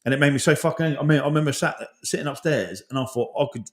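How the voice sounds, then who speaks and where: Brisk, candid man in his 40s, podcast host, heavy swearing, rambling and heartfelt. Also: on the high side. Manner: swears often, rambling, emotional. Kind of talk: casual chat.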